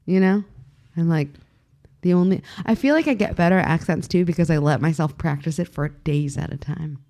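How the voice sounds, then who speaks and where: A woman's voice: low-pitched, fairly quick, warm tone. A woman from Los Angeles, a guest musician, giving blunt, candid opinions in casual chat.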